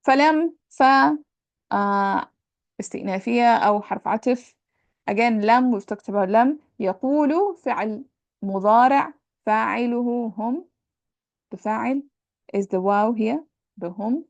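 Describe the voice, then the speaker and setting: A woman teacher walks students through Arabic grammar, patient and repetitive, mixing English with Arabic terms. Her voice has a gravelly edge. The sound is dry and close, with no room echo. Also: a little high, a little fast, darkish tone, highs cut off. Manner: explains patiently, repeats terms, checks understanding with "right?". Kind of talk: lecture on Arabic sentence parsing.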